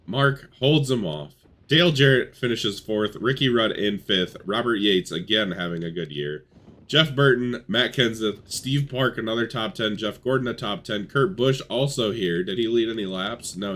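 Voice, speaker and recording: A young man commentates a racing simulation in a casual, excitable way, cursing freely. His voice sits fairly low but has a bright, forceful edge. He swings between loud bursts of hype and low, mumbled asides. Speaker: gaming YouTuber.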